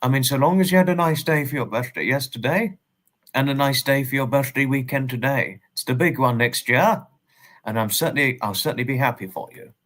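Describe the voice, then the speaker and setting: A man's voice: mid-range voice, brisk, fairly bright tone. A man with an English accent hosting a casual livestream, rambling and repeating himself in polite, formal phrases as he greets viewers and reads their messages. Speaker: livestream host.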